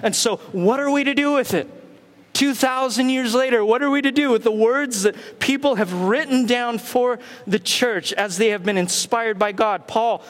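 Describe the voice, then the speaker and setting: A man's voice: very high-pitched, normal speed, long reverb tail. A man preaching a sermon as pastor, with emphatic rhetorical questions and repetition. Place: church sanctuary.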